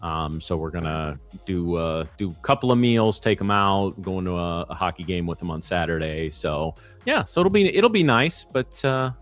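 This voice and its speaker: Casual male co-host, thirties, low voice, loose rambling delivery, faint music underneath. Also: lively intonation, normal speed, hardly any pauses. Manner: rambling, many fillers and restarts. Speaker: co-host of live trading stream. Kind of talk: casual chat.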